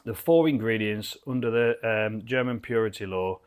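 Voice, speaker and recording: A man's voice: on the low side, moderate pace, clear, resonant tone. A British man giving a chatty, enthusiastic and rambling beer review from his garden cabin bar. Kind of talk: casual video review.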